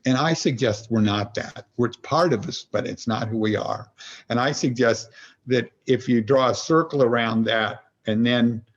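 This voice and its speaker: This podcast guest, an executive coach, has a medium-pitched voice, speaks at a normal speed, and is heard through dull audio. His talk is reflective and conversational, earnest but meandering, with ideas illustrated by everyday examples.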